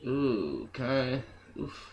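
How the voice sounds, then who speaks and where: Deadpan, profane vlog co-host man. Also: mid-range voice, drawn-out words, lo-fi sound, background noise. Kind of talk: casual storytelling.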